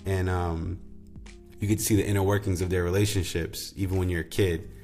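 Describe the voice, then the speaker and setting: A young adult man casually introducing comedy clips, relaxed and rambling with many fillers. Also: low voice, brisk, soft background music. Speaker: podcast host. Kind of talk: casual commentary.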